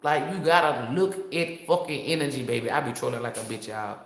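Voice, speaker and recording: A woman's voice: rumbling low, brisk. A woman, a tarot reader, speaking to her viewers in a blunt, profane, preachy monologue. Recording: echoey room.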